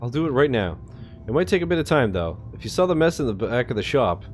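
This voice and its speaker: A man's voice: medium pitch, very animated, fast, soft background music, close to an everyday voice. A man voicing a friendly young woman who works in a record shop, chatty and helpful.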